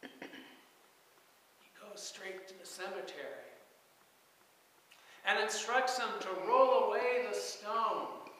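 Slow, bright-voiced preacher in an echoing church. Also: male voice, high-pitched, expressive, slight background noise. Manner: measured storytelling, dramatic emphasis on key words. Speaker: pastor. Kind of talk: sermon. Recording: echoey hall with long reverb, faint ambience.

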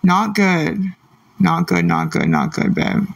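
A man's voice: a little high, wildly swooping pitch, takes it slowly, vocal fry. A man live-streaming late at night, irritably snapping back at commenters and muttering repeated words. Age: adult parent. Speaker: livestreamer reading chat.

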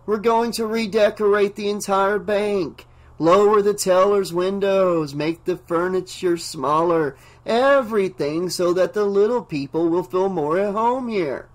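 A delirious bank clerk gone calmly mad, as a man puts him on while reading a novel aloud. His voice sits a bit high, slow and dreamy, deferential yet firm, like someone speaking in a trance. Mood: dreamy, formal. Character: delirious male bank clerk, calm and unhinged.

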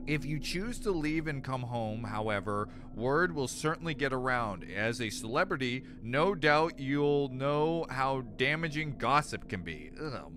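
A man streaming a horror game, joking and rambling, sometimes reading the game's text aloud. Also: medium pitch. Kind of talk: casual game stream chat.

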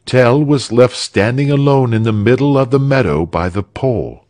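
A man reading a story aloud for English learners, slowly, clearly and expressively. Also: medium pitch, a little mellow. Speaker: narrator.

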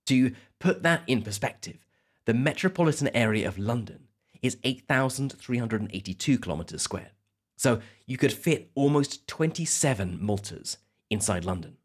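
A man hosting an educational podcast, telling a story in a clear, measured way for learners. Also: mid-range voice, expressive. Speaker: podcast host. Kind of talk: scripted educational narration.

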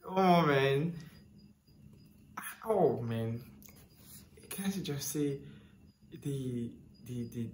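A man hosting a music reaction channel, gushing in casual commentary, repeating himself and filling with "like". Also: medium pitch. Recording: echoey room with faint noise.

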